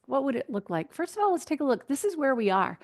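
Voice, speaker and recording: A woman delivers a health keynote in a lively, conversational way. Her voice sits slightly high. She speaks loosely and often restarts sentences with small fillers, like someone chatting to a room. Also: quick pace. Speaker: keynote speaker, registered dietitian nutritionist. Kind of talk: health talk to an audience.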